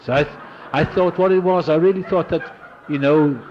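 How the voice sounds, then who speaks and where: An older man telling a personal recovery story to an audience, animated and acting out the voices of people he met. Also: fairly high pitch, brisk, lo-fi sound, a little hiss or hum. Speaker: speaker sharing his recovery story.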